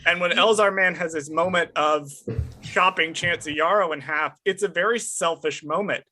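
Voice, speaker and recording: A man's voice: on the high side, moderate pace, sharp tone, faint music behind. A man discussing analytically and bluntly on a casual podcast, swearing casually. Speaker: podcast host.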